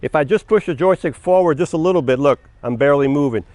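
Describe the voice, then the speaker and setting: In an echoey room, a man who deals in mobility equipment demonstrates a power wheelchair for viewers, plainspoken and talking to them like regular folks. His voice is fairly high, fast and slightly mellow, and it's getting worn.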